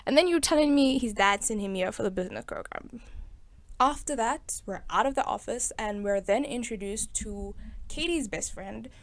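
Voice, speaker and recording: A young woman hosting a film review in casual, sarcastic commentary, chatty and quick to laugh. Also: fairly high pitch. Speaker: video host reviewing a film.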